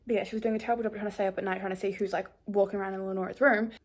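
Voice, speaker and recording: A woman's voice: medium pitch, little pitch movement, rapid-fire. A young woman vlogging casually about books, chatty and rambling with lots of fillers. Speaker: book vlogger. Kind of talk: casual vlog chat.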